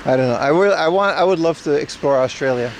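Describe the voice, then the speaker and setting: A young man talks to his livestream viewers in a loose, joking way, ribbing them as he goes. His voice sits a little high for a man. Faint street noise carries on behind him outdoors. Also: fast talker. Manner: joking, banter with chat. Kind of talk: casual IRL stream chat.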